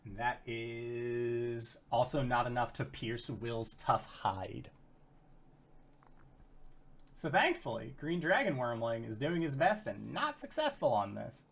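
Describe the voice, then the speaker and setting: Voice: medium pitch, sing-song, slow, gravelly. A game master narrating a tabletop game in vivid, casual detail, peppered with "like" and the odd swear.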